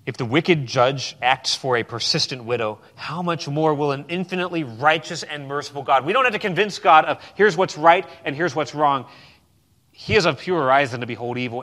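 A pastor preaching a sermon with emphatic swings between loud declarations and quiet, low passages. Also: male voice.

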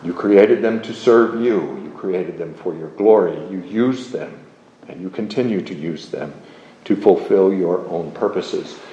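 Guy preaching real slow and mellow, repeats stuff for emphasis, echoey muffled recording. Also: fairly low pitch, a little hiss or hum. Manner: slow, measured, emphatic with repetitions. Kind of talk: sermon on a psalm.

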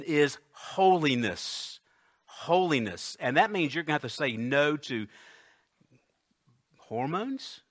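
Guy preaching a sermon, kinda high-ish voice, gets loud then drops real quiet. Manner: emphatic, swings from loud declarations to hushed, slow asides; reads scripture aloud slowly and deliberately.

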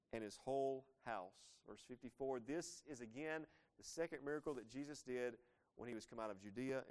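A man in his thirties preaching a sermon, talking conversationally and asking the listeners rhetorical questions. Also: mid-range voice. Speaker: pastor.

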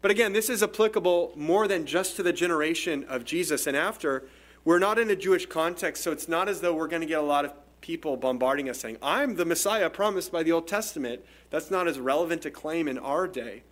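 A man's voice: a little high, a little fast, a bit bright. A pastor with a slightly raised voice preaches a verse-by-verse sermon. He talks conversationally, explaining as he goes and often restarting a phrase mid-thought. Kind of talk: expository sermon.

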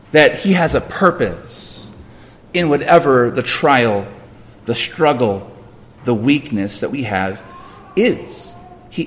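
A man's voice: medium pitch, long reverb tail. A man pastor preaching a sermon, emphatic and repetitive, questioning the congregation and answering himself.

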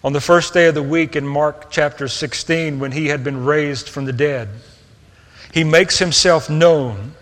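A man preaching a sermon, earnest, moving between hushed tender passages and raised emphatic ones. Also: on the high side, steady tone, unhurried. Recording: long reverb of a hall.

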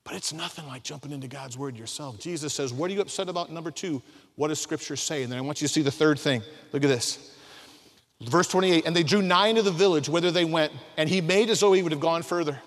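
A man preaching a sermon, emphatic, swinging from soft asides to loud acted-out quotes. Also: a little high, fast. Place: large hall. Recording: long hall reverb.

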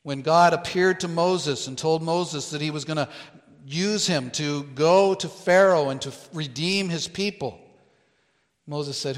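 Slow, deliberate male preacher in a reverberant hall. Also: on the high side. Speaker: pastor. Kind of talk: sermon.

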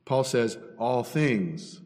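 A man's voice: medium pitch, animated, very slow, a little mellow. A male pastor delivers a teaching sermon in a mid-range voice. He poses rhetorical questions and answers them, building emphasis as he goes. The sound rings with long reverb from a large hall.

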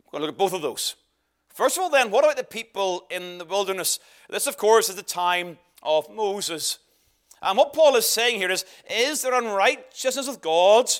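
A man's voice: high voice, big pitch swings, normal speed, a bit bright. A man preaching a sermon, emphatic and earnest, often repeating words for stress. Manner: emphatic, varied delivery with repeated phrases.

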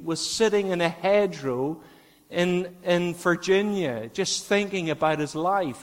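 Northern irish guy preaching, kinda high voice, big hall echo, keeps repeating lines to hit them home. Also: measured pace. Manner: earnest, repeats key phrases for emphasis. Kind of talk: sermon. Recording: long hall reverb.

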